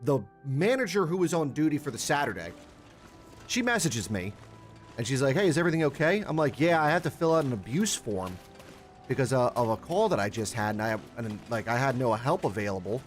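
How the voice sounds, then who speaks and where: A man's voice: medium pitch, animated, brisk, faint music behind. A young man streaming a survival game, chatting casually with his viewers, rambling and swearing a lot and greeting chatters by name. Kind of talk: casual gaming livestream chat.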